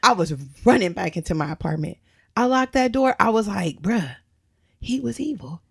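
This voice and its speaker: Animated woman telling a story. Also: mid-range voice, normal speed, vocal fry, husky. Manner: animated, dramatic retelling with bursts of laughter. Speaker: podcast co-host. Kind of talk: casual storytelling chat.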